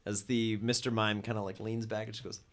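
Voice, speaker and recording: A man narrating as game master of a tabletop game, playful and quick to laugh. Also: on the low side, level tone. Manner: playful, laughs often, acts out characters.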